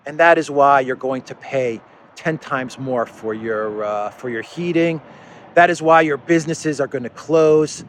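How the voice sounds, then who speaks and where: A man's voice: medium pitch, moderate pace, slight background noise. A man delivers an unscripted commentary monologue in a loose, conversational way. His tone runs sarcastic and exasperated, and he readily mocks the officials he talks about. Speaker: political commentary host.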